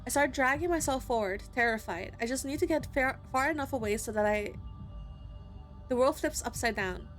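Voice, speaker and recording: A woman streamer reading a dating-sim story aloud in an expressive, giggly way, breaking into excited squeals between lines. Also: high-pitched, normal speed, soft background music. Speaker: gaming streamer. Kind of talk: reading a visual novel aloud.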